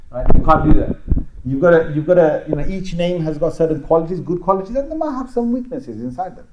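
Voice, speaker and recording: A man's voice: fairly high pitch, lively intonation, fast, noisy background. A man giving an interactive Islamic lecture, talking conversationally and quizzing his listeners with show-of-hands questions. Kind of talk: interactive religious lecture to a live audience. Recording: dull lo-fi lecture recording.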